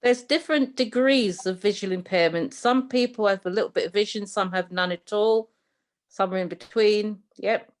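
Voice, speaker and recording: A woman's voice: medium pitch, normal speed. A woman in the audience making casual, teasing banter over a video call. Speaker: audience member.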